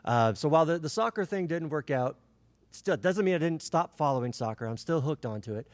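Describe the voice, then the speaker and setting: A man's voice: on the high side, expressive, brisk. A man hosting a casual podcast, joking and playful as he talks with his guest. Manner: joking, playful, laughs often. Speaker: podcast host. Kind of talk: casual chat.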